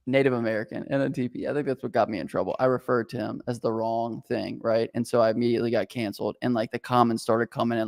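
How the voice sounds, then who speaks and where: An animated man hosts a relaxed business Q&A, mixing advice with quick jokes and asides. His voice sits at an ordinary pitch for a man, and he talks in a casual, unscripted way. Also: creaky. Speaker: podcast host.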